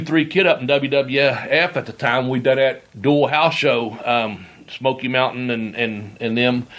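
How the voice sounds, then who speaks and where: A man's voice: medium pitch, fairly bright tone. A middle-aged man hosting a podcast, telling rambling wrestling stories in casual chat, laughing often and swearing as he goes. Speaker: podcast host, former wrestler.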